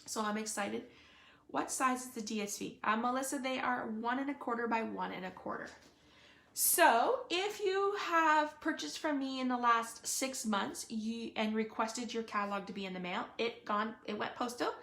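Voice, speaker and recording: A woman's voice: on the high side, normal speed, creaky, a bit bright. A woman giving a casual live card-making demonstration, chatting and thinking aloud with frequent fillers. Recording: echoey room.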